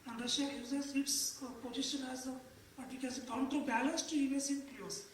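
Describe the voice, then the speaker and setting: A woman's voice: high voice, fairly even intonation, a little fast, a little hiss or hum. A woman giving a conference panel presentation, hesitant, with many fillers and restarts. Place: conference room. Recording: echoey hall, distant mic.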